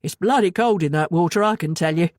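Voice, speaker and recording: A narrator puts on a friendly, plain-spoken angler in a storybook. The voice sits low, hearty and direct, in a dry recording. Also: female voice, brisk, darkish tone, no echo, natural voice.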